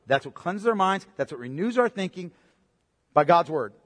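A man preaching a sermon in a high voice, his words ringing out in a hall with a long echo. He is impassioned, pushing up loud in places and dropping low and quiet to stress a point. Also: big pitch swings, moderate pace. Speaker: pastor.

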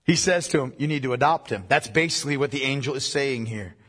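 A male pastor preaching a sermon, emphatic, repeating key phrases and dropping low for weight. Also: fast talker, fairly bright tone, slightly rough. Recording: long reverb of a large hall.

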